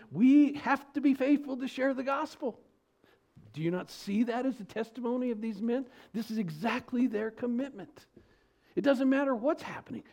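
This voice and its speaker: A man preaching an expository sermon as pastor, asking rhetorical questions, his pitch and loudness rising and falling.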